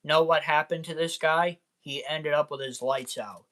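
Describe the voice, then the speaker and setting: A man's voice: fairly high pitch, steady tone, normal speed, a bit bright, close to an everyday voice. A man reading aloud as a menacing male clown villain from a comic book, in a sly, taunting, mock-theatrical way.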